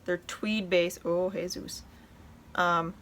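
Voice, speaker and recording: A woman's voice: on the low side, fairly even intonation, slow pace, fairly bright tone, a little hiss or hum. A woman hosting a knitting podcast, chatting casually and enthusiastically as she shows her projects at home. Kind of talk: casual show-and-tell chat.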